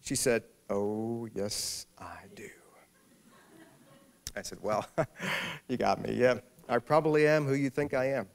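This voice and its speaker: Author at a library talk, male, gravelly voice, humorous storyteller. Casting note. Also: medium pitch, normal speed. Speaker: author speaking at a library event. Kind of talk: public talk with anecdote. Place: public library hall.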